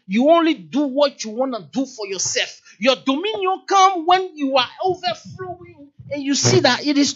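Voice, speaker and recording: Male church elder, sermon, lively and emphatic, acts out quotes, lo-fi sound. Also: very high voice. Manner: lively preaching, rising to emphatic peaks, acts out quoted dialogue. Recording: dull, lo-fi sound.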